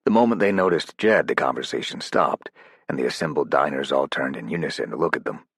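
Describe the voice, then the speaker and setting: Very deep gravelly male narrator. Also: fairly quick, fairly bright tone, no room sound, clean studio sound. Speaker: audiobook narrator. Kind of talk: scripted narration.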